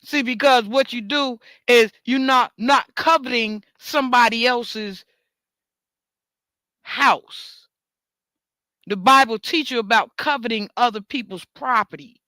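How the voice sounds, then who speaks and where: High, bright-voiced New woman ranting. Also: unhurried, no room sound. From New York. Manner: profane, emphatic, repeats words for force. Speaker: talk show host. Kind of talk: ranting monologue.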